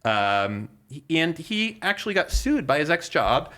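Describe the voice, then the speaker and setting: A man's voice: on the high side, big pitch swings, a little slow, few pauses, a bit bright. A man co-hosting a podcast in casual chat, telling a long story with many fillers, restarts and swearing. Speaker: podcast co-host.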